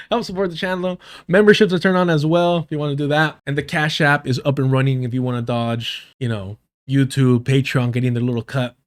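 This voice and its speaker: A man's voice: mid-range voice, steady tone, a little fast. A man commenting on a live stream in a heated, sarcastic and profane way. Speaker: streamer reacting to a debate.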